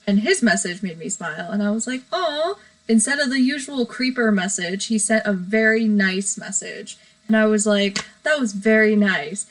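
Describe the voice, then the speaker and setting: A woman's voice: medium pitch, normal speed, few pauses, low-quality recording. A woman hosting a casual live stream from her bedroom, rambling, giggly and self-deprecating. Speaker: livestream host.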